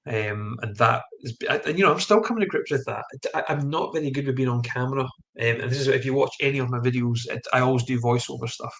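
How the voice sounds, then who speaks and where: A Scottish man speaks as a podcast guest over a video call, modest and self-deprecating. He hesitates often with ums while he gathers his thoughts. His voice sits at an average pitch for a man. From Scotland. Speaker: podcast guest, mystery researcher. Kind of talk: casual interview chat.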